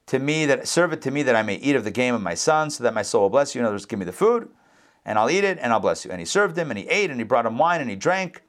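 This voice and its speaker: Teaching a Torah class, a rabbi gives a lively scripture lesson, acting out characters' lines in voices that jump sharply up in pitch. Between those bits, he drops back into chatty, casual asides to the class.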